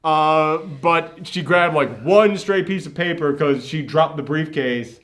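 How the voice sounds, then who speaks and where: A man's voice: a little high, slow, a bit bright. A man hosting a casual movie reaction chat, retelling scenes with animation and acting out the characters' lines. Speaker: podcast host.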